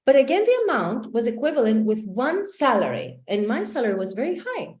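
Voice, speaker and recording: A woman coaching trainer giving a motivational talk, animated storytelling with acted-out quotes. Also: on the high side, fairly quick. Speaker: life coaching trainer and speaker. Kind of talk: motivational talk to a live online audience. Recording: echoey room.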